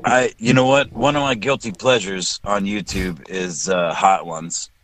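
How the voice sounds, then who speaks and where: A man's voice: fairly low pitch, steady tone, unhurried, fairly bright tone, poor audio. A man from South Texas, a guest on a casual podcast call, chatty and joking, often restarting his sentences.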